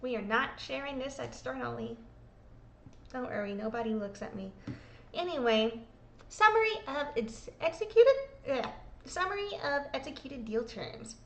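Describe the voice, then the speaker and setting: A woman's voice: sits high, animated, normal speed, fairly bright tone, a little hiss or hum. A woman hosting a show, reading court exhibits aloud in casual commentary, swearing freely and mocking herself. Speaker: host. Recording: echoey room.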